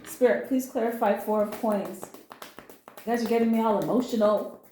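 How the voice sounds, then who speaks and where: A woman reads tarot in a casual, earnest way, comforting her listeners and using blunt slang. Her voice is fairly high but mellow. The room around her sounds echoey. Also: moderate pace, a little hiss or hum. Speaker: tarot reader. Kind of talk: casual spoken tarot reading.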